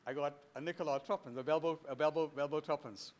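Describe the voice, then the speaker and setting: An older Bahamian man in his seventies giving a lecture full of stories to a live audience. He is animated and anecdotal, breaking off for chuckling asides, and his voice sits slightly high for a man. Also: fast. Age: 70s. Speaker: guest speaker. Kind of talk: storytelling history lecture. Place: lecture hall before an audience.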